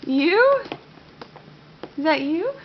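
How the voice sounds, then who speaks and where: A woman's voice: high voice, sing-song, extremely slow, a little hiss or hum. A mother at home at breakfast, coaxing and praising her toddler in a sing-song voice. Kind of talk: home video chat with a toddler. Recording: dull lo-fi home video.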